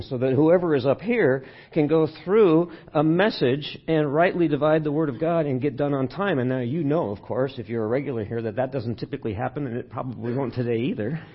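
A man's voice: fairly high pitch, brisk, hardly any pauses, husky, highs cut off. A man preaching a sermon in a church sanctuary, talking conversationally and putting questions to the congregation. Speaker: pastor.

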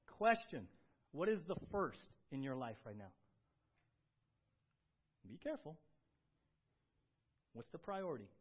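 A man preaching a sermon as pastor, shifting between quiet confession and loud, urgent exhortation. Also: mid-range voice, very animated, moderate pace, dull audio.

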